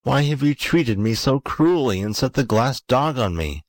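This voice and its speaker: A man's voice: mid-range voice, expressive, normal speed, no echo, voice pushed up, lightly acted. A man voicing a poor, miserable glass blower in a storybook reading, with a pleading, earnest manner. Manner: pleading, then eager.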